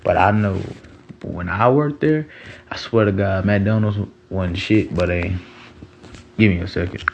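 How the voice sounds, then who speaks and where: Gravelly young man rambling casually. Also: low voice, a little slow, highs cut off, noisy background. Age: 20s. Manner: rambling, slangy, frequent "you know what I'm saying". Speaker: podcast host. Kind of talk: casual monologue.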